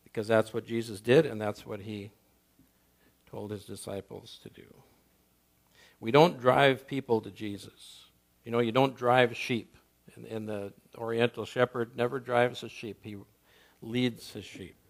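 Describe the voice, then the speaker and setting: Male pastor, sermon delivery, emphatic with rhetorical questions and shifts from loud to soft. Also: mid-range voice, steady tone, moderate pace, creaky.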